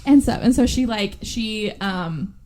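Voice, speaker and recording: A woman hosting a podcast, casually recapping a movie in an animated, sweary way and acting out the characters' lines. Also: medium pitch, measured pace. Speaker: podcast host.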